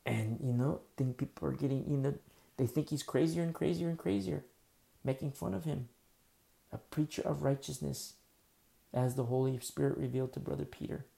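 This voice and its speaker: A male pastor with a heavily gravelly, very mellow voice, preaching like he is telling a story. He talks casually, full of fillers, and slips into character voices to act out scenes. His delivery is informal, not polished. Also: medium pitch, fairly even intonation, moderate pace. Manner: vivid storytelling, conversational with many fillers; acts out dialogue of biblical scenes. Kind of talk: sermon.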